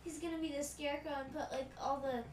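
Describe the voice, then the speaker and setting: A woman's voice: sits high, fairly even intonation, quick pace, background noise. A woman player joking and laughing during a tabletop game session. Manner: jokey, laughs often. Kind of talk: casual chat at a game table. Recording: echoey room, picked up from a distance.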